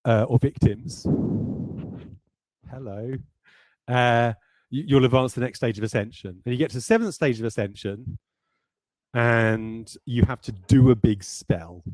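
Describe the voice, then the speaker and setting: A man's voice: medium pitch, measured pace, long pauses, darkish tone, no echo, low-quality recording. A man, a game designer, talking through design ideas in a rambling, self-deprecating way with many hesitations. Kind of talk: livestreamed design talk.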